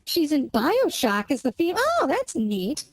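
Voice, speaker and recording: A woman streamer with a high-pitched voice whose pitch swoops wildly talks in an unhurried way while she plays a game. She rambles and searches for words, and the recording is both dry and rough.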